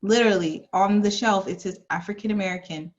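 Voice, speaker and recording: A woman's voice: mid-range voice, fairly quick. A woman interviewing an author, speaking frankly and conversationally, laughing easily. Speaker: interviewer, host. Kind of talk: casual interview chat. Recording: dull lo-fi sound.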